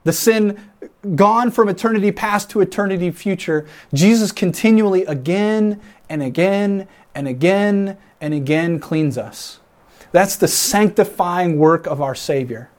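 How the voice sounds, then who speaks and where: A pastor preaching a sermon in an earnest, reflective way, building emphasis by repeating phrases. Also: male voice, high-pitched. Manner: reflective, imagines himself in the scene.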